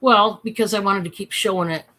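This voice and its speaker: A woman hosting a casual live-stream sale, chatty and excitable, with many fillers. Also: mid-range voice, fairly quick.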